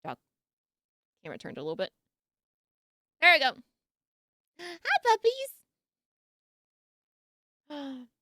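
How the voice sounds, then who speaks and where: A woman's voice: high voice, wildly swooping pitch, slow pace, long pauses, pushed and bright, dry recording, studio quality. A woman streamer reacting live in a casual, laughing way, cooing at her dog between comments.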